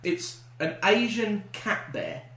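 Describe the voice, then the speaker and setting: A man's voice: sits high, huge pitch swings, takes it slowly, sharp tone. A man on a comedy podcast, rambling through a story with swearing and frequent laughter. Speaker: podcast co-host. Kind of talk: casual banter. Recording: echoey room.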